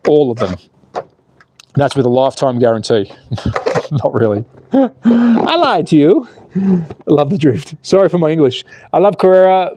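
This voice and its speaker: Upbeat jokey man, higher mellow voice. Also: dry recording. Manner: jokey, excitable, reads chat aloud. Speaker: slot car channel host. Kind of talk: live-stream commentary. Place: outdoors.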